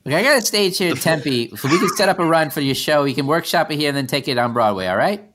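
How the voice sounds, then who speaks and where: A man's voice: fairly high pitch, lively intonation, fast talker, a bit bright. A man doing an impression of a laid-back movie actor offering to fund a show, drawling and saying man a lot.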